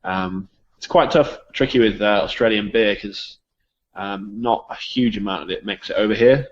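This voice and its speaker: A low-voiced English man talks beer in an easygoing, rambling way, his phrases often fading out quietly. The sound is dull and a little lo-fi. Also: moderate pace. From England. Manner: relaxed, rambling, trails off softly. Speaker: guest from a beer shop. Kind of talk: casual chat.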